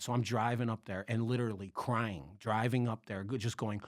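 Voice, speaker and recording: A man from the Chicago area, a podcast guest, telling a story in casual chat. He is animated, acts out the voices of the people he quotes and swears freely. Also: medium pitch, fairly quick, no echo, clean studio sound. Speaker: podcast guest, comedy club bartender.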